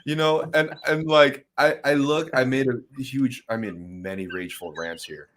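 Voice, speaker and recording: A man guest in casual conversation, telling stories in an animated way and mocking others in quoted voices. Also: mid-range voice, moderate pace. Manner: animated storytelling with mocking impressions.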